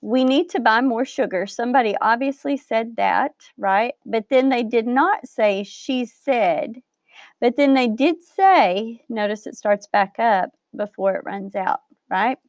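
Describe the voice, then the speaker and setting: Woman teacher, fairly high, patient explainer; dry, close, slightly muffled recording. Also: measured pace, no echo. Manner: patient, explains step by step, checks with "right?". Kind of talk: recorded grammar lesson.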